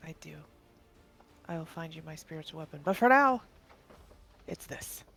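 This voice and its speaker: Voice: mid-range voice, lively intonation, moderate pace, vocal fry, fairly bright tone, faint music behind. A player in a live-streamed tabletop game, playful and joking with laughing asides.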